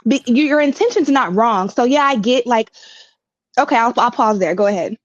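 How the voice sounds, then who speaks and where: High-voiced woman on dull stream audio. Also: animated, dry recording. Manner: measured, asks questions, hedges with 'kinda'. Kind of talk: casual livestream discussion.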